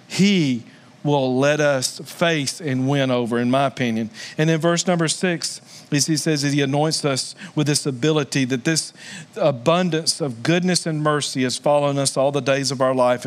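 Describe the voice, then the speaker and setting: A middle-aged man gives a sermon from the pulpit, his voice sitting a little higher than most men's. He is earnest throughout, slowing into soft, drawn-out stresses and then rising into loud, high exclamations. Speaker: pastor.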